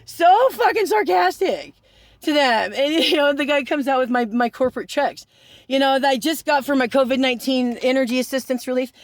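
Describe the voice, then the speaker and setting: A man's voice: extremely high pitch, fairly quick, no echo. A man telling a rambling, profane story, laughing through it and breaking into sarcastic asides. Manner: swears constantly, laughs through his story. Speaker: vlogger.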